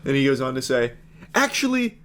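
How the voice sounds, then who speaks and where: A man's voice: medium pitch, moderate pace. A man narrating a story for a video with sarcastic, dry commentary.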